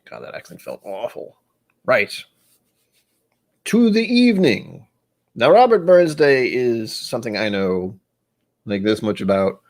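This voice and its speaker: A man's voice: mid-range voice, big pitch swings, measured pace, vocal fry, long pauses. A man hosting a casual livestream, rambling in a self-deprecating way and muttering asides to himself. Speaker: livestream host.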